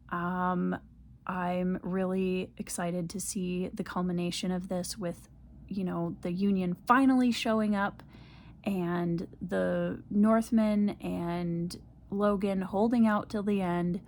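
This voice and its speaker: A woman's voice: lowish voice, fairly even intonation, slow, darkish tone, slight background noise. A young woman talking casually to camera in a reading vlog, ranting in frustration and repeating herself. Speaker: book vlogger.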